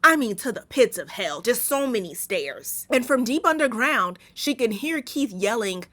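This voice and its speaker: A woman's voice: a little high, expressive, normal speed, a bit bright. A woman hosting a casual movie recap, blunt and sarcastic, swearing freely as she retells the plot.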